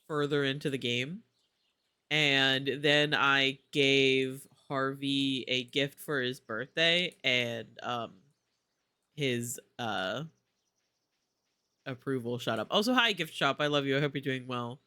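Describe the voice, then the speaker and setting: Bright-voiced playful male streamer. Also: medium pitch, clean tone. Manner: chatty, playful, gushing asides. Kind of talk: casual gameplay commentary.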